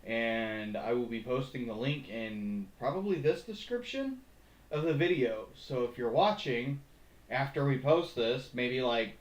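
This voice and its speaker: Lively joking young man in echoey room. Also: medium pitch, measured pace. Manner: joking, teasing, laughs often. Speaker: podcast co-host. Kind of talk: casual livestream chat. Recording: echoey room, faint hiss.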